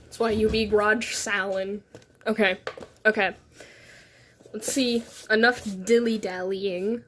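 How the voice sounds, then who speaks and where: A woman's voice: mid-range voice, steady tone, takes it slowly, a bit bright, slight background noise. A woman chatting casually on a livestream, rambling and giggling in a self-deprecating way, speaking from her bedroom into a phone on a tripod. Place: her bedroom, on a beanbag chair.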